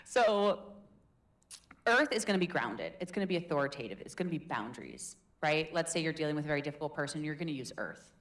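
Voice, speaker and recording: A woman coaching public speaking in a live workshop, energetic and playful, demonstrating different voices. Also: low voice, quick pace. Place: workshop room with audience.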